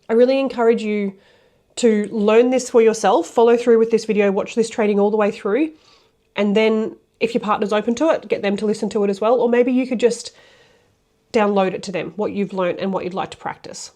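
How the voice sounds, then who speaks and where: A woman's voice: medium pitch, steady tone, a little fast, dark tone. A woman coaching viewers directly on relationship communication, speaking bluntly and emphatically and swearing casually. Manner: addresses viewers directly with step-by-step tips. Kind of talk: direct-to-camera coaching talk.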